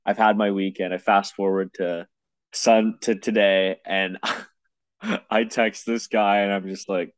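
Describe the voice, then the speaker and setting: Young guy, lowish voice, ranting and cursing, dry close mic. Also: flat delivery, slow, smooth, dry recording. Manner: exasperated, swears a lot, rambling with restarts. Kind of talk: casual storytelling chat.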